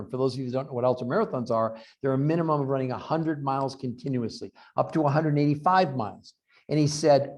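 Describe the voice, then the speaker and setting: A man's voice: medium pitch, fast. A man who researches health, telling long anecdotes in an interview over a video call, acting out quoted lines. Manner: animated anecdotes with acted-out quotes. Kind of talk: storytelling in an interview.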